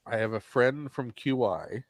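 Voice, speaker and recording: A man's voice: mid-range voice, expressive, measured pace. A man with a General American accent hosting a casual chat in a wry, playfully teasing way. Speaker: host.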